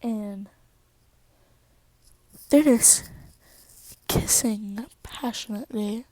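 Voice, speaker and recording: A woman casually improvising a fan fiction story, hesitant, with many fillers and long pauses, sometimes dropping to a whisper. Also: mid-range voice, mellow, no echo, rough recording.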